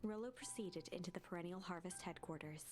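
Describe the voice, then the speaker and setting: A woman reading a game's narration aloud in a soft, steady storytelling way. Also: on the low side, quick pace, faint music behind.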